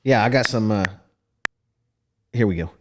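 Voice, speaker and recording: A man's voice: lowish voice, moderate pace, a little mellow, slight background noise. A man hosting a podcast in casual chat, folksy and rambling in how he talks. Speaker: podcast host.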